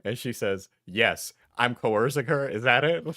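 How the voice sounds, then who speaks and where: Loud, foul-mouthed male streamer. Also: medium pitch, slow, no echo, clean studio sound. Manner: profane, mocking, loud and laughing. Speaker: streamer reacting to videos. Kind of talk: casual live-stream commentary.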